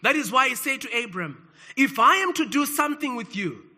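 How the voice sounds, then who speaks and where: A male pastor from South Africa delivers a sermon in a very high, strikingly bright voice. He presses his points with emphatic rises, then falls suddenly soft and quiet. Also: animated, brisk.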